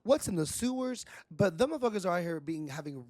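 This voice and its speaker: A man co-hosting a podcast, telling animated, profane stories in casual chat with frequent restarts. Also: high-pitched, quick pace, dry recording. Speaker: podcast co-host.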